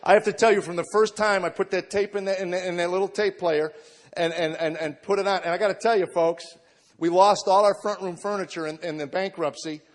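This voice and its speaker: A man in his forties, a comedian, speaks fairly quickly in a high-pitched voice with fairly even intonation. He's giving heartfelt spoken testimony to a live audience, earnestly telling his own story and acting out what people said to him, with long hall reverb on the recording.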